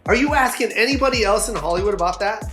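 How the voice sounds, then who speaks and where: A man's voice: sits high, lively intonation, fast, a bit bright, roomy sound, soft background music. A male comedian talking in an interview, emphatic and indignant, with a lot of swearing. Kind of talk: animated interview talk.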